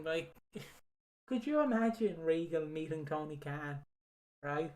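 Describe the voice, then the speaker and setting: A woman co-hosting a casual podcast, playful and quick to giggle as she riffs. Her voice sits a bit low for a woman. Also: animated, a little mellow, a little hiss or hum. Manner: giggly, playful, imagining scenarios. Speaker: podcast co-host. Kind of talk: casual wrestling review chat.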